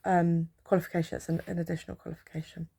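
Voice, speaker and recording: A young woman tells a story in a casual, rambling way, full of fillers. Her voice sits a little low and has a gravelly fry. She sounds drowsy, as if she is on painkillers. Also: flat delivery, very fast, mellow. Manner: chatty, rambling, with filler words. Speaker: healthcare support worker.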